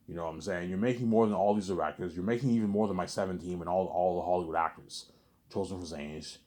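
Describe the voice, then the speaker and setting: Man, casual rambling vlog monologue, boastful, repetitive, swears, rapid, low voice. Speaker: vlogger.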